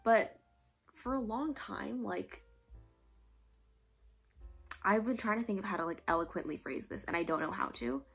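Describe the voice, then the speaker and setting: A woman's voice: medium pitch, normal speed, creaky, long pauses, a bit bright, breathy edge, soft background music. A young woman from New York rambling casually in a vlog, full of likes and self-aware asides. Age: young adult. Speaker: vlogger.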